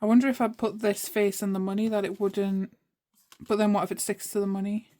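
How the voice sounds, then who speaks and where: A woman's voice: medium pitch, flat delivery, brisk, dark tone. A woman chatting casually to herself as she sorts cash at her home desk. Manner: chatty, talks to herself while sorting money. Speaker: budgeting vlogger. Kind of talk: casual chat while cash stuffing.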